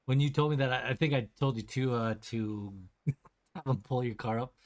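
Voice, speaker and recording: A man's voice: mid-range voice, moderate pace, darkish tone. A man co-hosting a casual podcast, reacting to his friend's story in an easygoing way. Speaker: podcast co-host. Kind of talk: casual chat.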